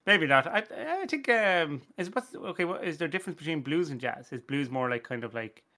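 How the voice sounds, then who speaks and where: A man's voice: on the high side, lively intonation, a little fast, sharp tone. A young Irish man hosting a casual podcast, rambling, self-deprecating, laughing and swearing as he chats. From Ireland. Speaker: podcast host.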